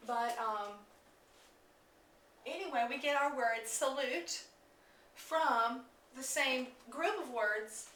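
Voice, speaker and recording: A woman's voice: fairly high pitch, fairly bright tone, slight background noise. A woman giving an informal lesson on word origins, chatty, with many fillers and restarts. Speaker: teacher. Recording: echoey room, mic at a distance.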